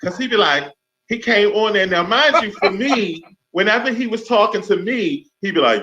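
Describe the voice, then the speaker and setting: A man's voice: sits high, normal speed. A man hosting a radio talk show, telling a story casually and acting out the voices of the people in it. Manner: animated storyteller who acts out voices. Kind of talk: casual chat. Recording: dull lo-fi sound.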